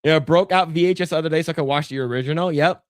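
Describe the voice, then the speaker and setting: A man co-hosting a podcast in casual chat, swearing often and acting out scenes in squeaky put-on voices. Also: very fast, no room sound, studio quality. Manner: profane, laughing, acts out scenes in high voices. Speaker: podcast co-host.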